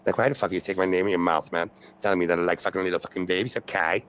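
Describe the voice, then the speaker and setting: A man's voice: low voice, steady tone, very fast, a crowd in the background, rough recording. A man ranting on a livestream, profane and repetitive, with many fillers and constant "okay"s. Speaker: streamer in a replayed stream clip. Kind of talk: rambling livestream rant.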